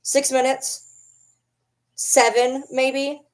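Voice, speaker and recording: Speaking very slowly in a high, flat voice, a woman films a relaxed home vlog. She addresses the camera, playfully and lovingly teases her dog, and drifts readily into baby talk.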